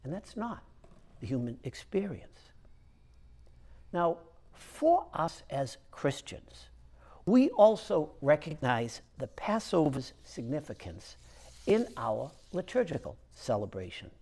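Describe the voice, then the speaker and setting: Male priest, homily, conversational storytelling, fairly high voice, very expressive intonation. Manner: conversational storytelling with frequent "uh" pauses. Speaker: Catholic priest.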